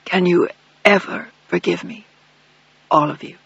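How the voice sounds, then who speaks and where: A mournful old father, his words halting and apologetic, read by a man in his own husky voice. The sound is dull and lo-fi, with no room echo. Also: high voice, a bit bright, heavily acted. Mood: sorrowful. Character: older man, a remorseful ailing father. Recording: dull lo-fi dry recording.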